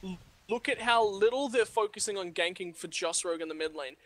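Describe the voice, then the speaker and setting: Man, esports caster, high bright voice, hype calls, faint noise. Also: brisk. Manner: energetic, playful hype calls. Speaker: esports commentator. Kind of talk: game analysis commentary.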